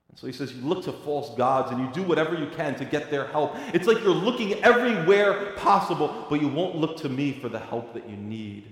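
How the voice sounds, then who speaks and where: A male pastor delivering a sermon, moving between quiet, reflective passages and loud, emphatic preaching. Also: mid-range voice, moderate pace. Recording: echoey hall with long reverb.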